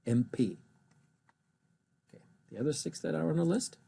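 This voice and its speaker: A man teaching German, spelling out abbreviations and pronouncing German words slowly and carefully between English explanations. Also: a little high, animated, creaky, warm tone, husky. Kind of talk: recorded language lesson.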